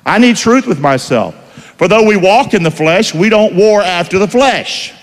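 A man's voice: high-pitched, expressive, moderate pace. A man preaching a sermon, emphatic, with call-and-response questions to the congregation. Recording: long hall reverb.

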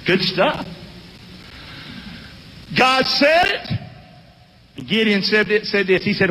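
A man preaches with swooping, animated delivery, calling out to his congregation for answers. His voice sits high for a man and swings freely from line to line. Long reverb from a large hall trails every phrase. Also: extremely slow, pauses often. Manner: animated, call-and-response with congregation. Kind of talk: sermon.

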